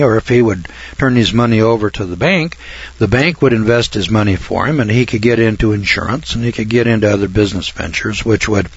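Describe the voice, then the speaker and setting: Older male storyteller, husky voice, halting folksy delivery, dry and slightly muffled recording. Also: fairly low pitch, no echo. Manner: rambling, halting delivery with frequent clears of the throat. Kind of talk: folksy spoken anecdote.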